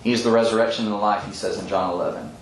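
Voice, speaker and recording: A man leading a Bible study, explaining scripture earnestly with frequent pauses and ums, often quoting verses. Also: lowish voice, fairly even intonation, slight background noise. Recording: echoey room with faint ambience.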